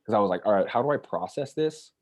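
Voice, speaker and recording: A man's voice: on the low side, lively intonation, fast talker. A man telling stories in casual conversation as a guest, rambling and acting out the voices of people he quotes. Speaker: author and journalist guest.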